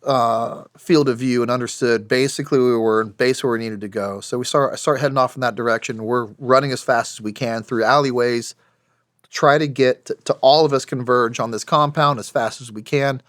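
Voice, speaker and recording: A little fast and steady in tone, a former special operations soldier in his forties tells plain, wry stories on a podcast, often restarting. He is from the United States, and his mid-range voice is slightly bright. It's studio quality with no echo.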